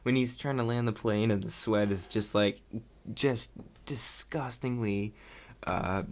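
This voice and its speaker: Low gravelly young man rambling excitedly. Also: unhurried, slight background noise. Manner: rambling and excitable, laughing often. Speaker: vlogger reviewing a movie. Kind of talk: casual chat.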